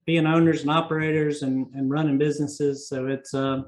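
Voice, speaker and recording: A man's voice: on the high side, level tone, brisk, a little mellow, poor audio. A man with a North Carolina Southern accent hosting a podcast interview, talking in a folksy, meandering way with many fillers. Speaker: podcast host. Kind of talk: casual interview chat.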